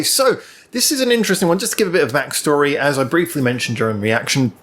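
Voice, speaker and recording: A man's voice: mid-range voice, a bit bright. Man reviewing a song, rambling. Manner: rambling, thoughtful, with frequent ums and restarts. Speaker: music reaction channel host. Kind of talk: casual solo music review to camera. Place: indoors, alone at home. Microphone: camera in front of him.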